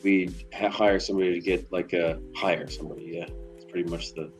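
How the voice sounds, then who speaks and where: A man's voice: low-pitched, fairly even intonation, a little fast, soft background music, rough recording. A middle-aged man from Tennessee, chatting casually and telling rambling, profane stories while out delivering. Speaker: delivery driver streamer. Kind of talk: casual chat while driving.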